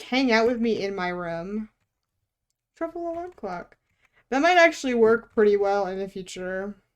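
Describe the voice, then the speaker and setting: A woman streaming while she draws. She chats casually, teases herself, swears offhandedly and laughs often. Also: mid-range voice. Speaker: art streamer. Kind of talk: casual live-stream chat while drawing.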